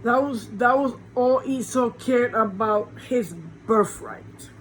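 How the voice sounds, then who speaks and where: A woman pastor preaches an informal, conversational sermon full of rhetorical questions, speaking slowly in a voice on the high side. She's in a small warm room with a fan running, and the audio is poor with slight background noise.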